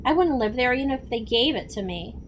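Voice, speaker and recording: Woman reading a kids' book out loud, slightly high voice, calm and steady. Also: a little fast, a little hiss or hum. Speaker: audiobook reader. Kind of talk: reading a children's novel aloud.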